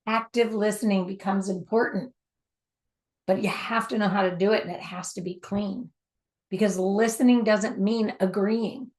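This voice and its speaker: A woman giving a spoken teaching on communication, emphatic and repetitive for stress, sometimes dropping to a soft near-whisper. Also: medium pitch, steady tone, normal speed.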